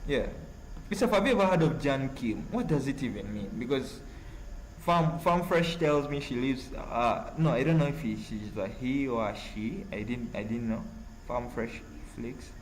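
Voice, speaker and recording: A man from Uganda with a Ugandan accent, hosting a casual live stream and reading chat messages in a halting, rambling way full of fillers. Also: mid-range voice, animated, slight background noise, low-quality recording.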